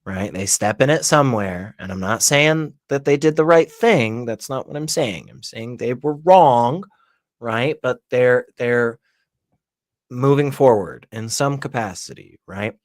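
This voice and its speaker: A man in casual livestream chat, measured and deliberate, reasoning his points aloud. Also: mid-range voice, animated, no echo, studio quality. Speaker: livestream guest.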